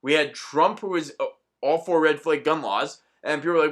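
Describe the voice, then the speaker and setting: A man's voice: a little high, very animated, fairly quick, a bit bright. A man delivering an angry, profanity-laced ranting monologue as a vlogger.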